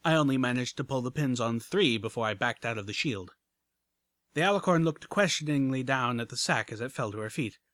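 A man's voice: mid-range voice, expressive, fairly quick, a bit bright, dry recording. A man reading a first-person action story aloud with dramatic narration. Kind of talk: audiobook reading of fan fiction.

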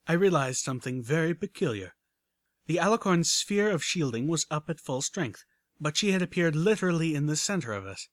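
A man's voice: on the high side, dry recording. A man reading a first-person action story aloud with dramatic narration. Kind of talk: audiobook reading of fan fiction.

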